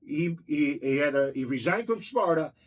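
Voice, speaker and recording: A man's voice: fairly high pitch, expressive, normal speed. A man telling his own stories in a casual chat, blunt, heated and full of swearing. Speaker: storyteller recounting his own run-ins.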